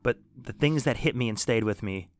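A man's voice: mid-range voice, normal speed, dry recording, studio quality. A man co-hosting a casual podcast chat about a movie, swearing often and teasing his co-host. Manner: profane, teasing, jokey.

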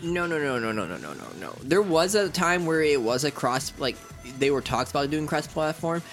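A man's voice: a little high, expressive, fairly bright tone, faint music behind. A man in his thirties co-hosting a casual podcast, joking and laughing with friends. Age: 30s. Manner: jokey, laughs often, quick asides. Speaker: podcast co-host. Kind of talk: casual chat.

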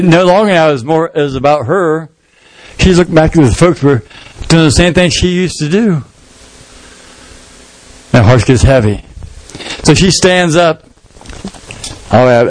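A man's voice: medium pitch, darkish tone, slight background noise, low-quality recording. A male pastor preaching a sermon, telling a story and acting out the people in it in different voices. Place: church sanctuary.

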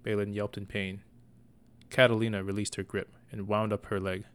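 A man reading a story aloud as narrator, in a measured, even manner. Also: lowish voice, smooth.

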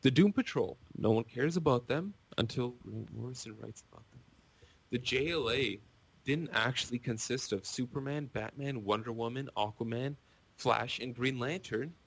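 A man on a podcast, rambling and gushing in an excitable casual rant. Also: mid-range voice, normal speed, gravelly, slightly rough.

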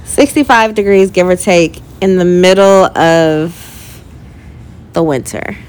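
A woman's voice: on the low side, takes it slowly, a little mellow, clear, resonant tone. A woman co-hosting a casual travel podcast with her partner, chatty and laughing easily. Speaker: podcast co-host.

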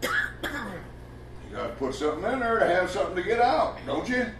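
A man's voice: high voice, very animated, brisk, a bit bright, a little hiss or hum. A man preaching a sermon in a folksy, emphatic way, asking rhetorical questions in a church. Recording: echoey room with the mic far off.

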